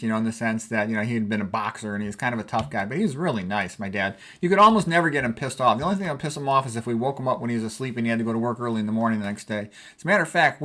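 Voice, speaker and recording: An older American man in his sixties talks in a loose, conversational way, wandering from one memory to the next and repeating himself for emphasis. He sounds like a physician sharing family stories over old photos, at an ordinary middle pitch. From United States. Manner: rambling, conversational, warm reminiscing. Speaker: physician vlogger.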